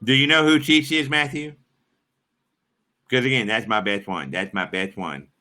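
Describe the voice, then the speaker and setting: A man's voice: medium pitch, moderate pace, pushed and bright. A man chatting on his live stream in a rambling, crude and profane way. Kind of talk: casual live-stream chat.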